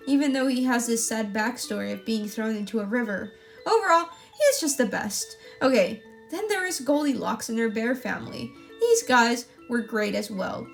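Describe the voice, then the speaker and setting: A woman casually reviewing an animated film, talking in an enthusiastic, gushing way. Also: on the high side.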